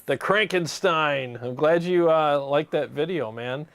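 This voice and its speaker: A man's voice: fairly high pitch, unhurried, fairly bright tone. A man hosting a gear livestream, chatting casually and laughing often, calling people "man". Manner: laid-back, laughs often, says "man" a lot.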